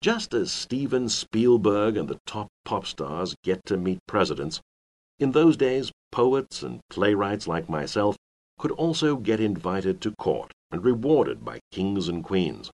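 A man voicing an older male Elizabethan playwright who recalls his days in the theater, in a measured, reflective way for a scripted listening exercise. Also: lowish voice, big pitch swings, darkish tone, exaggerated voice. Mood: reminiscing. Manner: measured, reflective first-person reminiscing.

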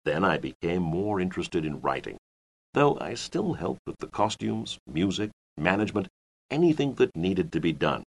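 A man voicing an older male Elizabethan playwright who recalls his days in the theater, in a measured, reflective way for a scripted listening exercise. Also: low-pitched, big pitch swings, gravelly, full character voice. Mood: reminiscing. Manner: measured, reflective first-person reminiscing.

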